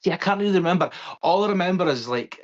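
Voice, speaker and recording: A man's voice: sits high, animated, quick pace. A young man co-hosting a casual podcast, easygoing and steering the chat to new topics. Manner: easygoing, prompts the other host with topics. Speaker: podcast co-host. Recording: dull lo-fi sound.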